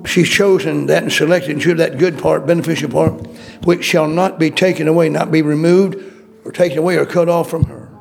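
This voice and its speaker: A man's voice: a little high, fairly even intonation, brisk, creaky, darkish tone, soft background music. A male preacher delivering a sermon, emphatic and repetitive, calling out questions to the congregation. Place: church.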